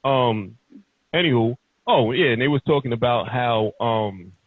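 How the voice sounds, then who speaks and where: A man's voice: medium pitch, measured pace, breathy edge, dry recording. A man hosting a podcast, ranting heatedly and emphatically in casual, profane talk. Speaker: podcast host. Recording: tinny phone-like sound.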